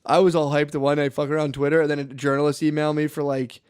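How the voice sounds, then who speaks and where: A man's voice: on the high side, little pitch movement, quick pace, darkish tone, clean tone, dry recording, clean studio sound. A man in his thirties co-hosting a casual podcast, swearing freely and telling stories with quoted voices. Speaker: podcast co-host. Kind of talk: casual chat.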